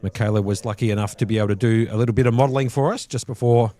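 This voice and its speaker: A man's voice: mid-range voice, steady tone, rapid-fire, mellow. A man doing live poker tournament commentary from a booth, often breaking into laughter. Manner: giggly, laughing through lines.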